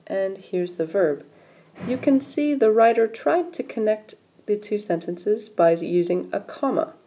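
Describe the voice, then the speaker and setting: A woman's voice: mid-range voice, warm tone, breathy edge. A woman teaching a recorded grammar lesson, patiently explaining step by step while pointing at examples on screen. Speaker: English writing teacher.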